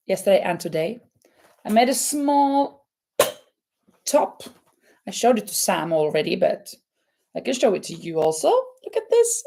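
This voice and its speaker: A woman from Norway with a Norwegian accent, hosting a casual live crochet chat in a halting way, with many fillers and restarts. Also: a little high, mellow. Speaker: crochet channel host.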